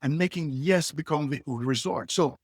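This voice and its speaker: A middle-aged man, a leadership coach, telling stories with lively inflection and acting out the dialogue. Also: fairly high pitch, moderate pace, breathy edge, dry recording, clean studio sound. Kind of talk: animated storytelling.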